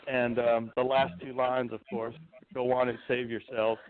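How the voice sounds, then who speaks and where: A man in a poetry group talks loosely, restarting phrases and laughing between thoughts, then reads verse aloud. His voice sits at an ordinary pitch. It comes through a thin, phone-like call line. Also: level tone, a little slow. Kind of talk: casual chat and poetry reading. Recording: tinny phone-like call audio.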